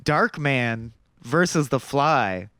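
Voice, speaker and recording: Smooth, animated young man chatting about films. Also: mid-range voice, takes it slowly, no echo. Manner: animated, swears freely, acts out movie quotes. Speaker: podcast co-host. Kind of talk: casual film discussion.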